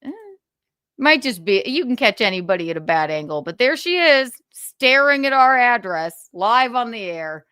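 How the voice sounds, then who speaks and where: A woman's voice: a little high, big pitch swings, normal speed, pushed and bright, a little hiss or hum. A woman hosting a livestream, ranting in a sarcastic, profane way and laughing between jabs. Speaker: livestream host.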